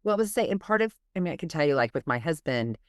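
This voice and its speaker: A woman co-hosting a podcast, telling animated stories in a casual chat, often restarting her sentences. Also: low-pitched, fast, dry recording, studio quality. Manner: animated storyteller, many restarts and fillers. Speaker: podcast co-host.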